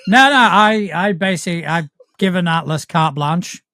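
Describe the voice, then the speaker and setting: A man from the north of England with a northern English accent, hosting a casual chat and talking in halting bursts, with restarts and swearing. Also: high-pitched, expressive, bright, forceful tone, no echo, clean studio sound. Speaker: podcast host.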